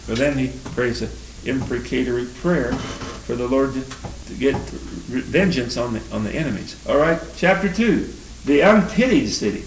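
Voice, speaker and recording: A man's voice: medium pitch, expressive. Man teaching scripture in a roomy hall. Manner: reads scripture aloud with rising emphasis, then comments in loose, halting asides. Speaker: Bible teacher. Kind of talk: verse-by-verse Bible teaching. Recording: roomy, distant mic with faint noise.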